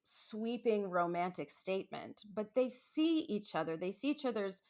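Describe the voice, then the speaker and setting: A woman hosting her own podcast in an easy, unscripted monologue. She rambles and circles back, restarting sentences and tossing in asides, with lively bursts of emphasis. Her voice sits at a middling pitch. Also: moderate pace. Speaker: podcast host. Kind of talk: casual solo podcast monologue.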